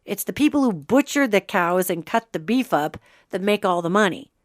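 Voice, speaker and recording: A woman's voice: medium pitch, moderate pace, no echo, clean studio sound. A woman hosting a podcast, talking casually and with animation, breaking off to act out quoted remarks. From Montana. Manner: chatty, animated, acts out quotes. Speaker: podcast host. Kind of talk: casual spiritual commentary.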